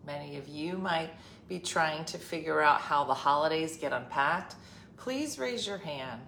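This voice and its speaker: Low-voiced woman telling a wry story. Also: gravelly, slight background noise. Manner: wry, deadpan storyteller who acts out quoted family arguments. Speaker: podcast host. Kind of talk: casual storytelling chat. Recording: roomy echo, faint background ambience.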